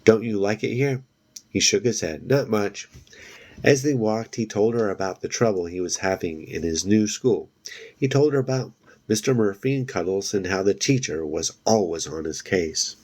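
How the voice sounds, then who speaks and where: A man with a fairly low voice reads a children's book aloud for a book video. He narrates plainly and steadily, with the odd slip he corrects and then reads on. His pace stays easy and unforced. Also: animated, normal speed, a little mellow.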